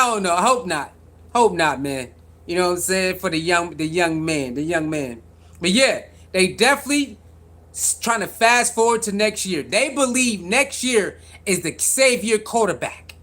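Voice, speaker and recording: A man with a high, pushed, bright voice hosts casual sports reaction commentary. He talks in slang, repeats himself, and keeps calling out to his viewers.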